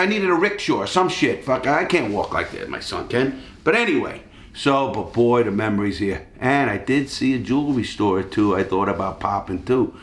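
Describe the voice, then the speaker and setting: A man's voice: lowish voice, reverberant, slight background noise. A middle-aged man telling stories in a rambling, casual way, swearing freely, recorded in a hotel suite. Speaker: storyteller. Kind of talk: profane casual storytelling.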